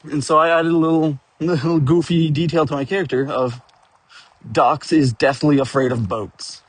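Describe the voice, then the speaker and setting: Husky-voiced man rambling through a story. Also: a little high, steady tone, moderate pace, dry recording. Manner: profane, rambling, with frequent chuckles. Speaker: tabletop game player telling a story. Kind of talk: rambling casual storytelling rant.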